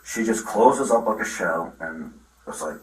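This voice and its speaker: A middle-aged father telling the police a long, halting account with many restarts, recorded on a body camera. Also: lowish voice, lively intonation. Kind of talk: recounting events in a conversation. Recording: roomy, from far off the mic.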